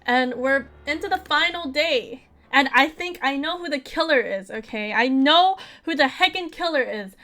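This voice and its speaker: A woman streaming a video game, chatting casually with her viewers, excitable and giggly with crude jokes. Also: sits high, moderate pace, few pauses. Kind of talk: casual live-stream chat while gaming.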